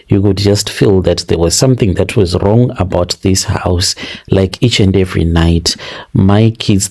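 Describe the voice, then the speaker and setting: Low-voiced Zimbabwean man telling a confession. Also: vocal fry, darkish tone. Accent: Zimbabwean English. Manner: earnest, deliberate retelling with repeated phrases. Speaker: narrator of listener confessions. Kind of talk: first-person confession storytelling.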